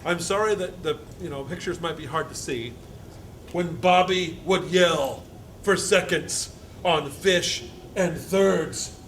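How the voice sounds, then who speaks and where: A man, a university instructor, reading a picture book aloud to a live audience, halting with fillers and joking asides. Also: fairly high pitch, a bit bright, slight background noise.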